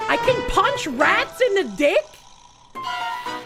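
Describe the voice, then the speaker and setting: A woman streaming a game live, reacting in an excitable, exclaiming way and swearing freely. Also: extremely high pitch, slow pace, creaky, over loud music.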